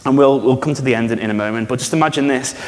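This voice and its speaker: A man preaching a sermon in a church, conversational and animated, often asking the congregation questions. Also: medium pitch, racing. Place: church hall. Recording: reverberant church hall.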